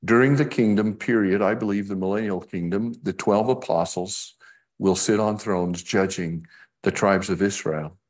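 A man's voice: lowish voice, moderate pace, a little mellow. A man preaching a sermon in a conversational way, acting out the scripture he quotes.

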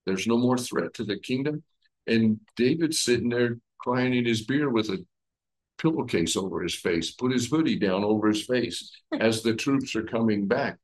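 A man leading a conversational Bible study, retelling the story with lively everyday comparisons. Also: mid-range voice, moderate pace, rough recording. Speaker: Bible teacher.

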